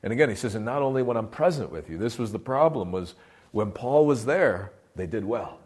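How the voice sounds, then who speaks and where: A man's voice: medium pitch, animated, brisk, darkish tone. A man preaching a sermon in a conversational, impassioned way, rising into bursts of fervor.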